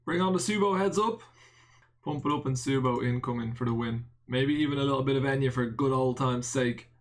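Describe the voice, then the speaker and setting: A man from Ireland, speaking briskly with an Irish accent in a mid-range voice, gives casual live-stream poker commentary. He banters and answers chat with self-mocking jokes and the odd swear word.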